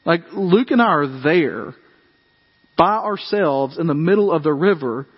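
A man preaching a sermon, telling animated family stories in a conversational way and acting out the voices. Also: a little high, a little slow, slightly rough, in a large hall, muffled recording. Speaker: pastor. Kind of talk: sermon storytelling.

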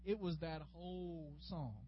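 A man leads a Bible class in a chatty, folksy way, his voice sitting fairly high for a man. The recording is dull and lo-fi, with a faint hum in the room behind him. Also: fairly even intonation, measured pace. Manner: folksy and chatty, addressing class members by name. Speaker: Bible study teacher. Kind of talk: conversational Bible class teaching. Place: classroom with a group.

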